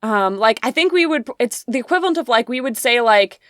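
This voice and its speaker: Animated woman, fairly high voice, podcast chat. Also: a little fast. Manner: animated storytelling, exasperated asides. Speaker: podcast co-host. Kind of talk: casual chat.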